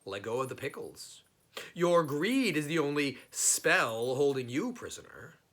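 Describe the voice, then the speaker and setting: A man's voice: on the high side, sing-song, unhurried, a bit bright. A man voicing a clever, unflappable folk hero in a storybook reading, cheerful and teasing.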